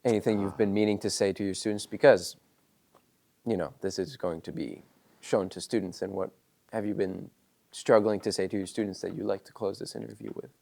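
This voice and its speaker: Gravelly-voiced polite male interviewer. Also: on the low side, fairly even intonation, a little fast, a little mellow. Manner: polite, encouraging. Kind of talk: documentary interview questions.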